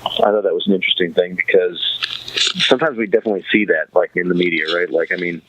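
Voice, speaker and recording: A man with a very low voice chats casually on a podcast about a TV series, trailing off and restarting his sentences. The recording sounds a little muffled and lo-fi. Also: fast, a bit bright, slight background noise. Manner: rambling, many restarts and fillers. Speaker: podcast host.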